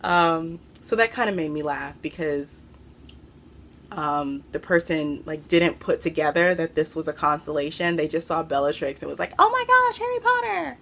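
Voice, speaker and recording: A woman hosting a craft podcast from home, chatting to camera in an excitable, rambling way and a little out of breath. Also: low voice, moderate pace, slight background noise. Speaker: podcast host. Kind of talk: casual chat to camera. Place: home room.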